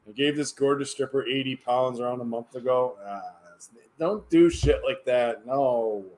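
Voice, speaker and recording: A man talks on a livestream in a loose, rambling way at an ordinary mid pitch. He sounds tired, restarts his sentences and lets them trail off into quiet mumbling. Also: normal speed. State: tired, yawning. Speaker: livestreamer reading chat. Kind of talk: casual livestream chat.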